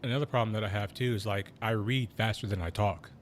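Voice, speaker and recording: Laid-back, low-voiced male streamer. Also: fairly even intonation, slight background noise. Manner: slow, laid-back talker; keeps voice down. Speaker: game streamer. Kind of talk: casual live-stream chat.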